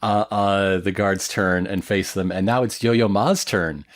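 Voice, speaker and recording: A man's voice: low-pitched, fairly even intonation, unhurried. Rambling, joking male podcast co-host. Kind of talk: casual recap chat.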